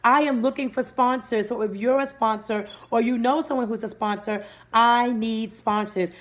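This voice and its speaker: A woman's voice: on the high side, steady tone, normal speed. A woman hosting a live-streamed motivational talk, speaking energetically and breaking off to greet viewers by name. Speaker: livestream host and motivational speaker.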